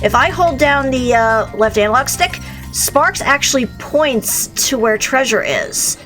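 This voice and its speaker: A young woman co-hosting a game stream, explaining how things work in a chatty way. Her voice is fairly high and swings expressively. Game music plays clearly behind her. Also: expressive, unhurried, a bit bright. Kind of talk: casual game commentary.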